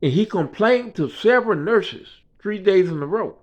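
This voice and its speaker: A vlogger in a hospital room tells a rambling personal story about his stay there, speaking casually as a patient and often asking "you know what I mean." His voice is high-pitched and animated with a darkish tone, at a moderate pace. The recording has a dull, lo-fi sound.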